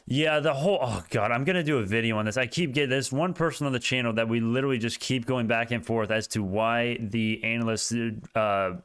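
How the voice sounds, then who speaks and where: A young man hosting a casual stock market livestream, talking in an excitable, rambling way with many restarts. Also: medium pitch, fairly quick, hardly any pauses, clear, resonant tone.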